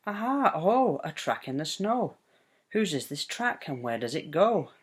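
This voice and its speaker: A man voicing a curious, brave little girl monster child from a storybook, with an eager, high, questioning voice. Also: sing-song, a little slow, slightly rough, full character voice.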